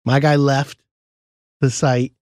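A man's voice: mid-range voice, flat delivery, slow pace, darkish tone, no echo, studio quality. A man co-hosting a podcast, telling a story in casual chat and acting out the other people's voices as he goes.

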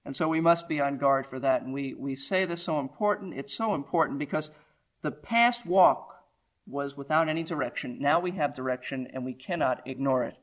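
A man's voice: mid-range voice, normal speed. A male pastor preaching a verse-by-verse sermon with an emphatic, rising and falling delivery.

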